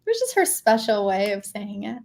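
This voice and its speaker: A woman's voice: medium pitch, sing-song, brisk, gravelly, darkish tone. A woman hosting a video call, chatting casually and appreciatively. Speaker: host. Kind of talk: casual chat.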